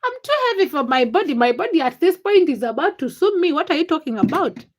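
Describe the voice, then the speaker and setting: Ugandan woman, young adult, high voice, live-chat host greeting viewers, playful and self-mocking. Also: animated, fast talker. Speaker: livestream host. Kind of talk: casual livestream chat.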